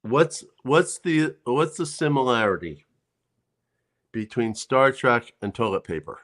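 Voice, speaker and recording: A man co-hosting a casual livestream, telling a joke in a halting way with many fillers and repeats. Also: medium pitch, sing-song, fairly bright tone. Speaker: co-host of a livestream chat. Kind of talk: casual chat, telling jokes.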